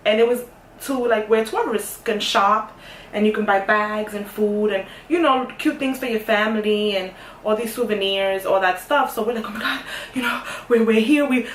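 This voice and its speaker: A young woman telling a story in a casual, sassy way, dropping to a hush and then getting loud. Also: mid-range voice, distant mic, a little hiss or hum. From New York. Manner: animated, sassy, swings from hushed to loud. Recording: echoey room, voice off-mic.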